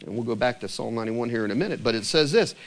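Animated male preacher, lively pitch. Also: rapid-fire. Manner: animated preaching with rhetorical questions. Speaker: pastor. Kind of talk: sermon. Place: church sanctuary.

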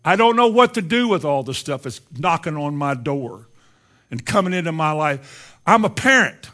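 A man preaching from the pulpit, his voice sitting slightly higher than most men's. He swings between loud, emphatic lines and hushed, low asides, lingering on certain words as he builds his point. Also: expressive, moderate pace. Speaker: pastor. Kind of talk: sermon.

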